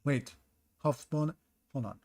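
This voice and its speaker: A man's voice: medium pitch, takes it slowly, a little mellow. A man streaming a map-guessing game, thinking aloud and greeting viewers in chat between guesses. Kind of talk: casual live-stream commentary.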